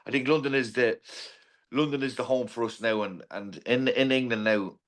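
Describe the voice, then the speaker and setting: He's from Ireland, in his forties, and owns a pub. As a podcast guest he chats casually, rambling through stories and restarting often, in a medium-pitched, fairly bright voice at a normal speed.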